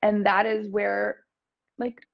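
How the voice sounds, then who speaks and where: A woman talks things through in a reflective, encouraging way. Her voice is heavily gravelly with fry and sounds husky. The recording is dull and lo-fi. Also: mid-range voice, monotone, takes it slowly. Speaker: co-host. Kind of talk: casual chat.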